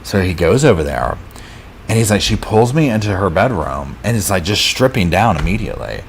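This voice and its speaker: Very animated and brisk, this low-voiced man with vocal fry runs a true crime channel and goes over a docuseries case in a live chat. His casual retelling is packed with fillers and dramatized quotes, and slight background noise is audible.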